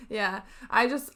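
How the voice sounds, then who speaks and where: A woman co-hosting a fan podcast, chatting casually and telling lively stories to her friend. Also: on the high side. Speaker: podcast co-host. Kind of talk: casual chat.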